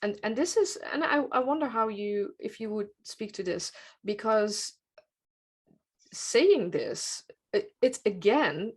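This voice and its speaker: Woman, podcast host, mid-pitched voice, reflective, searching for words, laughs often. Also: expressive, unhurried, husky. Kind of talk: conversational interview.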